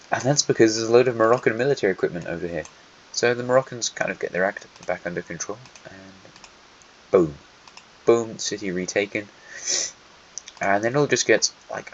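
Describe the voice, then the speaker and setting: In a lowish voice, a man talks through an alternate history map casually, throwing dry quips directly at the countries. The audio is lo-fi and a bit dull, with a faint hiss and quiet typing behind him.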